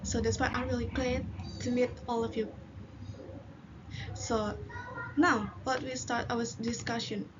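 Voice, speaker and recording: Presenter, woman from Indonesia, high voice, muffled recording with faint hiss, halting reading. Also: level tone. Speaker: linguist presenter. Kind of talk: classroom presentation.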